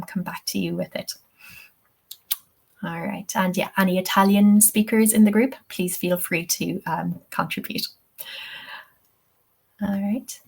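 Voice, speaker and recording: A woman's voice: lowish voice, creaky, darkish tone, husky. A woman, a tutor answering questions in a live webinar, chatty and thinking aloud with many ums. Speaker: English-teaching tutor.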